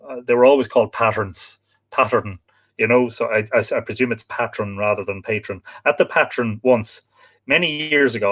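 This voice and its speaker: A man's voice: mid-range voice, a bit bright. An Irish man hosting a live book talk, reading aloud and breaking off for musing asides and self-corrections. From Ireland.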